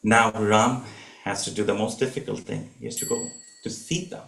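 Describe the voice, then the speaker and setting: A man telling a devotional story at a home gathering, animated and using filler words. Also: fairly low pitch, normal speed, vocal fry. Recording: echoey room.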